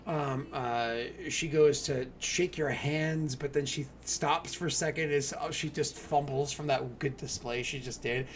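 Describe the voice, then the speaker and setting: A man running a tabletop game in a casual, animated way, laughing often and using many fillers. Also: on the high side, unhurried, few pauses, a little hiss or hum. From New England. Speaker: game master.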